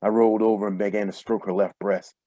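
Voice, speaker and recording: Male author, low voice, steady storytelling, dry sound from a home video call. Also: fast, no echo, dull audio. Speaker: author reading his fiction. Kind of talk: live reading of a first-person story. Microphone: computer mic on a video call.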